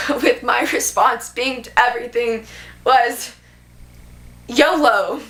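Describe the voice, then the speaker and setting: Bright, high-voiced teenage girl. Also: slow. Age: teens. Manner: animated, gushing, uses lots of "like". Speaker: booktube vlogger. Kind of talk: casual chatty book tag vlog.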